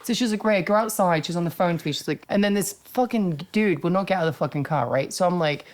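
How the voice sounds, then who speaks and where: A woman in her thirties hosting a podcast, telling wild stories in casual, profane chat and acting out shouted quotes. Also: fairly low pitch, quick pace. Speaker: podcast host.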